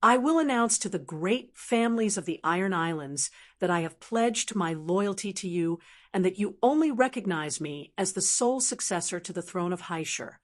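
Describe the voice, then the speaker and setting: A woman's voice: medium pitch, expressive, normal speed, few pauses, natural voice. Woman reading as a shrewd young island heiress. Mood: confident. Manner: confident, persuasive. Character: shrewd, confident young female sea lord's heir. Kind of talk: audiobook narration.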